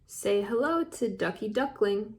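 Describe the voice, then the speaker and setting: A woman's voice: mid-range voice, lively intonation, a little slow. A woman hosting a children's storytime, reading a picture book aloud in a friendly way for young listeners. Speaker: storytime host.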